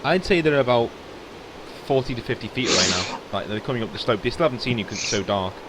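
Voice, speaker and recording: A man's voice: mid-range voice, animated, quick pace. A man narrating a tabletop game as game master, rambling with many fillers and restarts. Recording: noisy home recording.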